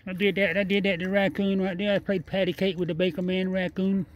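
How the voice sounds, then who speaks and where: A man's voice: sits high, level tone, fairly quick. Chatty man coaxing and rambling outdoors. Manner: chatty and repetitive, coaxing and laughing, nonstandard speech. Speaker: vlogger feeding a wild raccoon. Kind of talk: casual running commentary to camera and animal. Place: outdoors at night.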